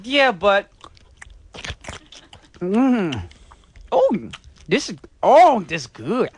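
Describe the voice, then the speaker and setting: A man doing a health nut who turns sugar-crazy, hammy and loud. His pitch leaps all over the place. A comic radio skit. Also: wildly swooping pitch, extremely slow, slight background noise, heavily acted. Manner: hammy, laughing, shouting.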